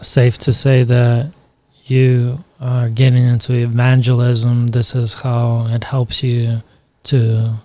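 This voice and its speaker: A man interviewing a guest, asking short, calm questions. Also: mid-range voice, takes it slowly, no room sound.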